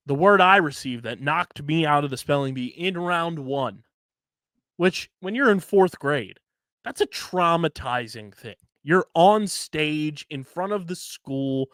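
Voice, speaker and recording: Slow-talking Philly guy on a podcast. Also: on the high side, dry recording, clean studio sound. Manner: animated storytelling, swearing, spells words letter by letter. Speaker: podcast co-host. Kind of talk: casual podcast banter.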